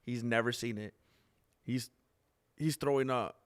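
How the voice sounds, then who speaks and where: A young man hosting a live stream, joking and reacting excitably as he comments on fights. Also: mid-range voice, a little slow, clear, resonant tone. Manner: excitable, joking, laughs often.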